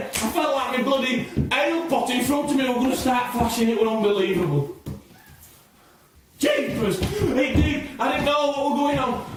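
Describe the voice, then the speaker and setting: A man's voice: very high-pitched, slight background noise. A man performing a theatrical solo monologue, musing aloud in an exasperated way, heard from a distance in an echoey room.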